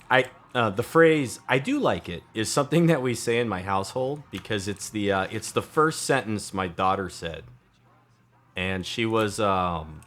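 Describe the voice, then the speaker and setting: A man's voice: on the low side, fairly bright tone. A man in his thirties thinking aloud as he builds in a game, casual and chatty. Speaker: let's play host. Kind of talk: casual gameplay commentary.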